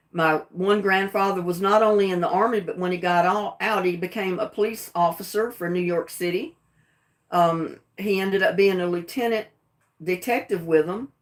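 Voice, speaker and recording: A middle-aged woman with a Southern US accent, talking plainly and defiantly on her own livestream. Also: lowish voice. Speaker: livestream host. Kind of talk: casual livestream talk.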